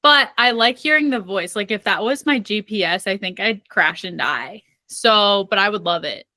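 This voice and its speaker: A woman's voice: medium pitch, animated, moderate pace, sharp tone, no room sound. A young woman co-hosting a book podcast in casual chat, playful and chatty, spinning imagined scenarios with lots of "like" fillers. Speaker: podcast co-host. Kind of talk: casual chat about books.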